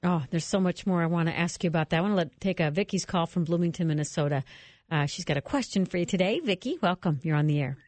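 Brief: female radio host, very low voice, fast talking, dry close sound. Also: a little mellow, no room sound. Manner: brisk, prompting the guest and introducing callers. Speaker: radio talk show host. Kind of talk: hosting a call-in radio show.

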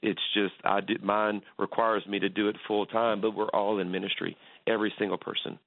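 A man's voice: on the low side, flat delivery, a little fast, vocal fry, no room sound. A man, a pastor, talking earnestly as a guest on a radio interview, telling stories with many restarts. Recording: tinny phone line, dry.

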